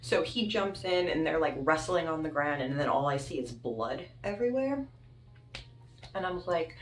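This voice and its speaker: Young woman vlogging a crazy story, animated and sweary, lowish voice, echoey room. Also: moderate pace, a little hiss or hum. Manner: animated, dramatic retelling with swearing. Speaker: YouTuber. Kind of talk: casual storytime. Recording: roomy with faint music.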